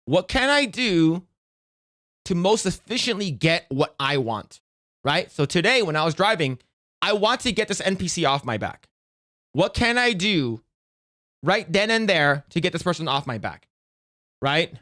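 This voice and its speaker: A man's voice: high voice, sing-song, unhurried, pauses often, bright, forceful tone. A man hosting a stream, reacting and telling stories in casual, rambling, profane chat full of fillers. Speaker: streamer host.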